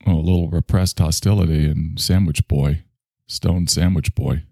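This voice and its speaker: A man's voice: a bass voice, steady tone, moderate pace, vocal fry, few pauses, warm tone, no room sound, clean studio sound. A man hosting a casual solo podcast monologue, rambling and self-mocking while in back pain. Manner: rambling, self-mocking, swings between grumbling and enthusiasm. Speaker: podcast host.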